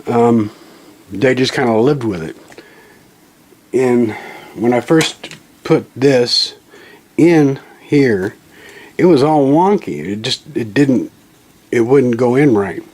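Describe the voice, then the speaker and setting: Speaking slowly with long pauses, this channel host has a mid-range, darkish voice. He runs a casual hands-on tutorial on a reloading tool from his home bench, rambling folksily, correcting himself often and apologizing in asides. It's captured on a camera mic, first handheld, then tripod-mounted.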